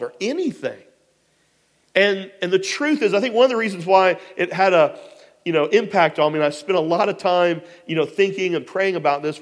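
A man preaching, telling a personal story in a rambling, animated way with many fillers. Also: fairly high pitch, big-room sound. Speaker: pastor. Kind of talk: storytelling sermon.

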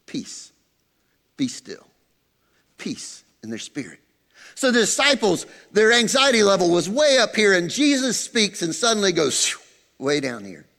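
A man preaching a sermon as pastor, animated, dropping to soft low tones for emphasis. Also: long reverb tail.

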